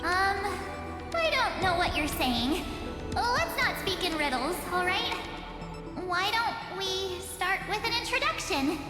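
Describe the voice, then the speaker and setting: A bubbly young girl adventurer who chats in a very high, expressive voice and startles easily. Her voice sits in a roomy, echoing space. Game music plays clearly behind her. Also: takes it slowly, full character voice. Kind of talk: game cutscene voice acting. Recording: echoey game audio with hall reverb and music.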